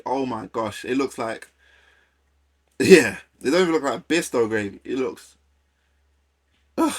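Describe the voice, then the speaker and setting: A man from London with a London accent, casually chatting and reacting to a video on a live stream in a slangy, animated way. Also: mid-range voice.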